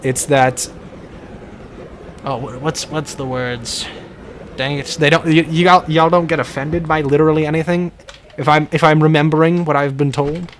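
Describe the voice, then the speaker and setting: A man's voice: medium pitch, a little hiss or hum. A man streaming a game, chatting casually and playfully with his viewers in a rambling way.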